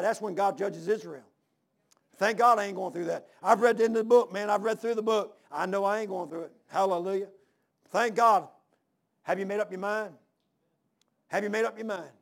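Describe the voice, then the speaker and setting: A man in his sixties delivers a sermon in a high, gravelly voice with plenty of fry. He talks in a folksy way, leaning on "man" and "ain't." He hammers points home by repeating them and calling out amen and hallelujah. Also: a little fast. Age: 60s. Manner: emphatic, repeats phrases, calls amen and hallelujah. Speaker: preacher.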